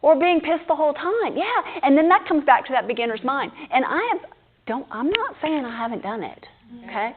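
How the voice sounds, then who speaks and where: Woman, yoga teacher, animated and laughing, slightly high voice, phone-like thin audio. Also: brisk, a little hiss or hum. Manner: lively, laughing, acts out her own inner voice. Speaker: yoga teacher hosting a teacher training. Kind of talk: casual group discussion. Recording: tinny phone-like sound.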